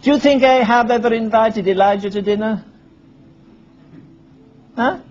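A man's voice: high voice, measured pace. A man preaching a sermon, firing rhetorical questions at the congregation and acting out Bible scenes in dialogue. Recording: dull lo-fi sermon recording with faint music.

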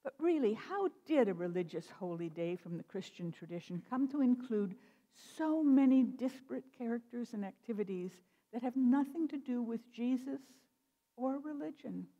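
Mellow-voiced woman minister in a reverberant church. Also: on the high side, dull audio. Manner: measured, expressive storytelling. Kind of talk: sermon with storytelling. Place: church sanctuary. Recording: long reverb of a church hall.

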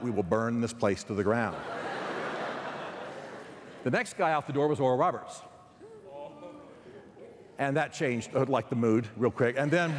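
A man with a Texan accent giving a chapel sermon, telling stories with quick asides and restarts. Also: medium pitch. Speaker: guest speaker. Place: large hall. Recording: long hall reverb.

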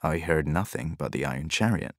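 A man voicing a tired old grey-haired fisherman who speaks in a slow, soft mutter, in an audiobook. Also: very deep voice, expressive, no echo, clean studio sound. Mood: weary.

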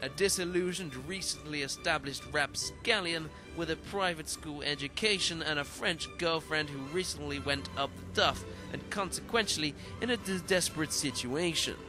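A man acts out a smug, gloating schemer laying out his plan. His voice is a touch high and self-satisfied, with clear music playing underneath. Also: moderate pace, hardly any pauses, natural voice. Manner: smug villainous monologue. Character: gloating small-town schemer plotting a takeover.

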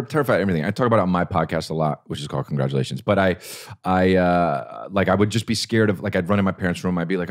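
A young man hosting a podcast, telling a story in casual chat, swearing and rambling with restarts and high-pitched quoted voices. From New Jersey. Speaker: podcast host.

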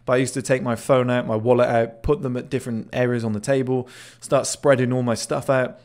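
A man's voice: medium pitch, flat delivery, fairly quick, darkish tone. A man casually commenting on a video clip, chatty and swearing now and then, often repeating words as he restarts. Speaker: body language analyst.

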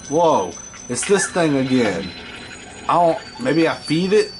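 A man's voice: fairly high pitch, very animated, takes it slowly, background noise. A man giving profane, scolding commentary while playing a video game. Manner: foul-mouthed, scolding the game creatures. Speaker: gameplay host.

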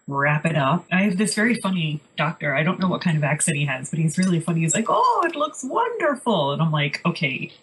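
A podcast co-host with a low-sitting voice tells stories casually, with a wry, chatty tone. The recording quality is low.

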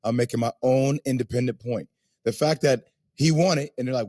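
A man's voice: medium pitch, fairly quick, warm tone, dry recording, clean studio sound. A man co-hosting a sports talk show, blunt and playful as he pushes back on the others. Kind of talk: heated studio debate.

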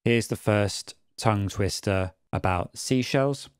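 Low-voiced guy walking through an audio tutorial, calm and methodical, super dry sound. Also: slow, clean tone, dry recording. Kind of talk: screen-recorded tutorial narration.

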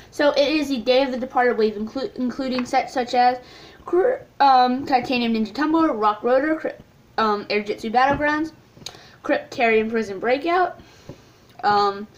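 A woman's voice: fairly high pitch, a little hiss or hum. A woman hosting her channel, talking through a casual recap in a rambling way with many ums and restarts. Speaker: channel host. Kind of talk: casual video recap talk.

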